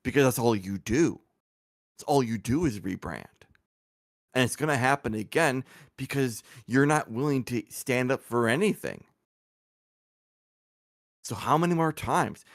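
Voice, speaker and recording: Gravelly man scolding on a stream. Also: mid-range voice, lively intonation, measured pace, pauses often, dry recording, clean studio sound. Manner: scolding, rhetorical questions. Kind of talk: livestream commentary.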